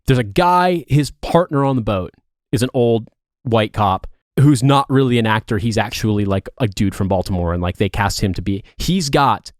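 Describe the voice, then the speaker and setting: A man's voice: lowish voice, expressive, normal speed, dry recording, studio quality. A man in his thirties, a podcast co-host from Indiana, chatting casually in a rambling, profane way with many restarts. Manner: rambling, profane, self-correcting. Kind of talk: casual chat.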